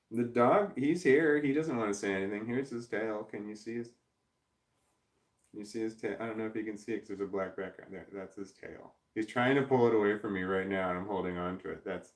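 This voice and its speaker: A middle-aged man from Missouri chatting on a live stream, reading viewer comments and rambling with many restarts in a self-deprecating, droning way. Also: on the low side. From Missouri, USA. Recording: echoey room.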